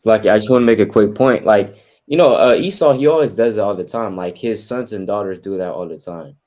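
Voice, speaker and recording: A man with a low voice adds a point in a casual, conversational way. He talks in loose runs full of fillers and quick asides. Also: a little mellow. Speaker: fellow street teacher. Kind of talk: casual commentary.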